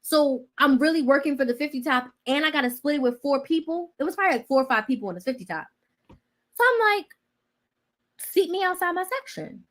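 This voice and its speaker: Animated, high-voiced woman telling a story. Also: quick pace. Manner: animated, dramatic retelling with shifts between loud and quiet. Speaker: host. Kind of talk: casual storytelling chat.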